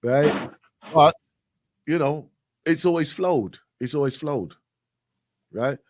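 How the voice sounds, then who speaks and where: A man's voice: on the high side, slow pace. A man casually telling a story, acting out both sides of a talk and often asking "right?". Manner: repetitive, frequent "right?" and "I goes". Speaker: radio show guest.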